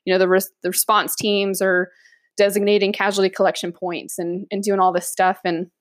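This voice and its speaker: A woman's voice: medium pitch, fairly quick, dry recording. A woman police officer telling a funny work story in casual chat, laughing often and acting out the voices of others. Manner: animated, laughs often, acts out quoted voices.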